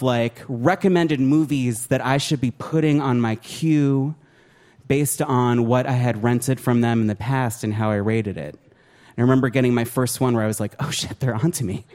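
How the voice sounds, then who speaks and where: A man doing a stand-up comedy set on a club stage, with an animated, profane, self-mocking delivery. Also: mid-range voice, measured pace. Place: comedy club stage before a laughing audience.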